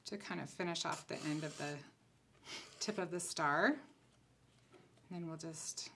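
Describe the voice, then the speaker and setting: With a deep, gravelly voice and an unhurried pace, a woman gives a relaxed craft tutorial at her table. She's a concept designer, chatting and thinking aloud as she works. There's slight background noise.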